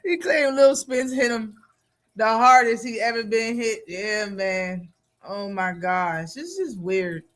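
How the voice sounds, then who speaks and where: Bright-voiced slangy male stream host. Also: sits high, slow pace. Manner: loose, slangy, laughing reactions. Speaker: boxing talk stream host. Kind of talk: casual live-stream commentary.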